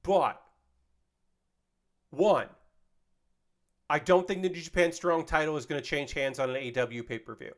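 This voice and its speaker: A man's voice: on the high side, moderate pace, long pauses. A man in his thirties hosting a casual livestream, ranting with passion and heavy profanity, repeating and restarting his sentences. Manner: repeats himself and restarts often. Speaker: livestream host.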